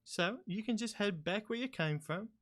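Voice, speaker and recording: A man's voice: high voice, expressive, moderate pace, a bit bright, voice pushed up. A man voicing a surly, stubborn male goblin guard who makes blunt, slangy threats. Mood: dismissive.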